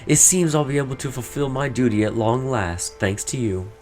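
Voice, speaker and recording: A man's voice: medium pitch, normal speed, darkish tone, faint music behind, pitched above the performer's own voice, natural voice. A man voicing a stern elderly woman who keeps old legends, reading game dialogue aloud in a solemn, formal, cryptic manner.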